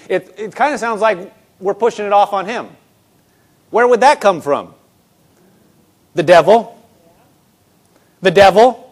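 A man's voice: high-pitched, animated, normal speed, pauses often. A man preaching a sermon, emphatic, asking the congregation rhetorical questions and repeating words for emphasis.

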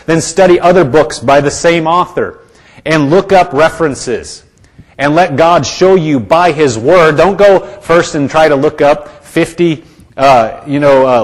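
A man preaching to his congregation in a conversational, earnest way, often restarting his sentences. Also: on the high side. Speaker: pastor. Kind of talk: sermon.

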